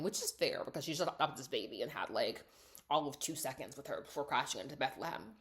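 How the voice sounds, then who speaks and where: A woman's voice: lowish voice, expressive, fast. A young woman telling a movie plot in a chatty, sarcastic way, full of "like" and "obviously," acting out the characters' lines. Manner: chatty, sarcastic, heavy "like" and "obviously", acts out quotes. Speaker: writer and coach recapping a movie. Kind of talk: casual storytelling recap.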